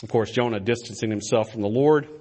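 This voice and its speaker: A man's voice: on the low side, fast talker, darkish tone, breathy edge. A man preaching a sermon in an earnest, emphatic manner. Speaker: pastor.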